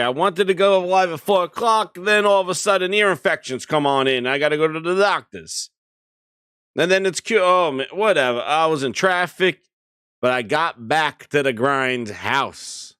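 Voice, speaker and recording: A man hosting a live gaming stream, talking in a loose, rambling way with a slightly raised voice. His pitch swings all over as he gets excited. The sound is close and dry, with almost no room around it. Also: smooth, no room sound. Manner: excitable and rambling, calling out chat names. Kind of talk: live-stream casual chat.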